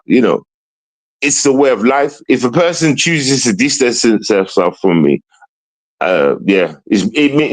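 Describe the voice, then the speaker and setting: A man's voice: mid-range voice, low-quality recording. A young man chatting casually to his livestream viewers, rambling and mock-sad, calling out to everybody again and again.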